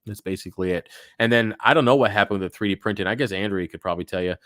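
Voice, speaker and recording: A man's voice: lowish voice, racing, fairly bright tone, dry recording, clean studio sound. A young man hosting a casual live Q&A from home, rambling, cursing and drifting off topic as he reads viewer questions. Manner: rambling, profane, easily sidetracked, reads chat aloud. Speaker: livestream host answering viewer questions.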